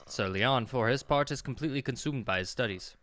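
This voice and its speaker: A man's voice: mid-range voice, a little fast, fairly bright tone, lightly acted. A man voicing an elderly male servant in a game, speaking formally and deferentially. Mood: sorrowful. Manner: formal, deferential, calls everyone sir. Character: elderly male family servant, humble and sorrowful.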